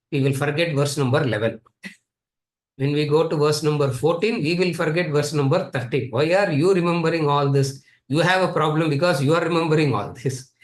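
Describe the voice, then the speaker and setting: A man's voice: on the high side, roomy sound. A man with a Tamil accent giving a conversational scripture lecture, repeating phrases and asking rhetorical questions. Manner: repetitive, rhetorical, conversational teaching. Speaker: Vedanta teacher.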